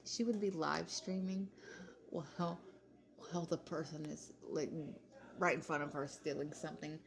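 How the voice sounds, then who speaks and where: Low, gravelly woman chatting. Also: fairly even intonation, unhurried, a crowd in the background. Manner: chatty, laughs often, Southern-style "y'all". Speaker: commentary vlogger. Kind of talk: casual commentary chat.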